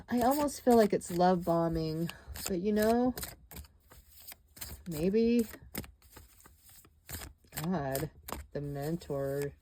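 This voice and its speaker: Slow, low-voiced woman reading tarot. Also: a little mellow, a little hiss or hum. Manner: musing and dramatic, with exclamations and sighs. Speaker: tarot reader.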